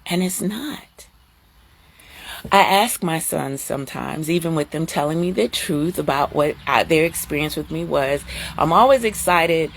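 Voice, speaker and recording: A middle-aged woman hosting a live stream, talking casually and chattily to her viewers, sometimes jumping up into a high squeal of surprise. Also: unhurried, gravelly.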